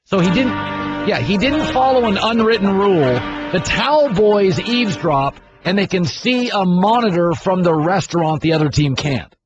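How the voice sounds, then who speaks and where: A middle-aged man hosting a sports talk radio show, arguing his opinions in a brash, animated way. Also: high voice, normal speed, over music. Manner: brash, argumentative, mimics people in loud voices. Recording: dull broadcast audio with faint noise.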